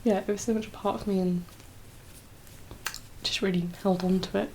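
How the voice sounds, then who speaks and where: Brief: young woman, soft-spoken ASMR chat, breathy half-whispers, teary and rambling, faint background hum. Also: mid-range voice, fairly even intonation, moderate pace, poor audio. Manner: rambling, full of fillers and laughs. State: teary, emotional. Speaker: ASMR creator.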